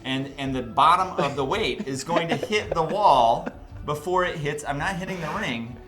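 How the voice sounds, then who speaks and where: A man streaming pinball, chatting casually and halting with many fillers while he plays. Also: a little high. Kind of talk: casual chat while playing. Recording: music playing behind. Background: music.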